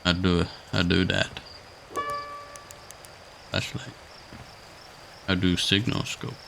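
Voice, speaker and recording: A male streamer gives casual, offhand let's-play commentary in short reactions. His voice is low with a gravelly fry. Loud game music plays underneath him. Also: slow pace.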